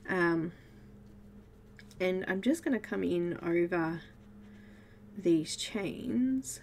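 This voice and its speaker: An Australian woman hosts a live colouring tutorial, chatting and giggling with viewers while she works. Her fairly low, slightly mellow voice is animated but very slow, with a little hiss or hum in the recording.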